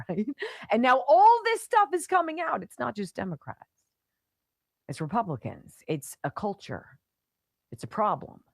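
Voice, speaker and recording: A woman's voice: on the high side, sing-song, moderate pace, vocal fry, pauses often, no echo, studio quality. A woman hosting a talk radio show, delivering an opinionated monologue with sarcastic, mocking asides. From Pittsburgh area.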